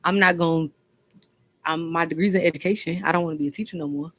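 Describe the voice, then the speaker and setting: A woman's voice: lowish voice, fairly even intonation, quick pace, fairly bright tone, dry recording, rough recording. A woman chatting casually on a radio talk show, teasing and laughing a lot. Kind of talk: casual chat.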